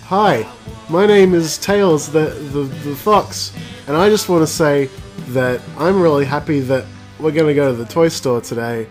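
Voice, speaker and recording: A man's voice: fairly high pitch, moderate pace, faint music behind, close to an everyday voice. A man voicing an eager young fox boy who rambles earnestly and preaches safety.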